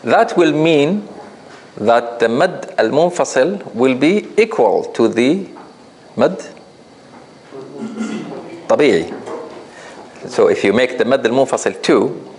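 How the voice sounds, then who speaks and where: A man teaching a recitation class, patiently explaining rules, asking his students questions and demonstrating with drawn-out chanted examples. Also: mid-range voice, very animated, a little mellow, slight background noise, rough recording. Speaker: tajweed teacher.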